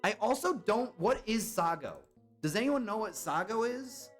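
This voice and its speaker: A man's voice: high-pitched, animated, normal speed, soft background music. A young man chatting casually on a live stream, guessing along with his chat and reacting to their comments.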